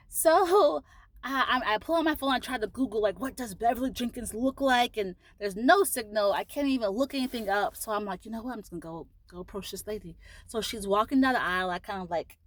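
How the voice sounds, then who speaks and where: A woman vlogger tells a personal story in a casual, gushing way, with plenty of "like" and "you know." Her voice sits at a medium pitch. The recording is dry, with no room echo. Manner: excited, gushing storyteller with many fillers. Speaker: booktuber.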